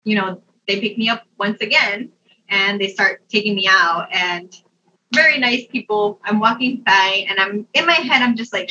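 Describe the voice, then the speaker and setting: Young woman chatting thru a story, laughs a lot, bright higher voice, kinda far off dull mic. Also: moderate pace, slight background noise. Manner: animated, laughs often, many "like" fillers. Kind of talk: casual personal storytelling. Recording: dull, distant mic sound.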